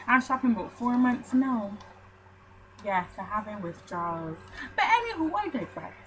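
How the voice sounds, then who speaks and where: A young woman from Barbados with a Barbadian accent, telling a story to camera in a casual vlog with animated, mock-outraged ranting. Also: fairly high pitch, normal speed, slight background noise, rough recording. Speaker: vlogger.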